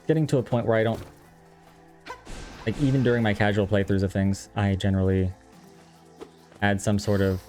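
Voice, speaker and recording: Young man, from Texas, lowish voice, rambling streamer chat, self-deprecating, faint music behind. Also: steady tone, normal speed, long pauses, darkish tone. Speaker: game streamer. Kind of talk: casual live-stream chat while gaming. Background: faint game music.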